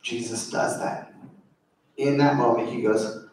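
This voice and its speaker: A man's voice: medium pitch, fairly even intonation, a little slow, long pauses, darkish tone, a little hiss or hum. A man preaching a sermon in an earnest, informal, conversational way, explaining a scripture passage. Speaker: pastor. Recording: very echoey room, voice far from mic.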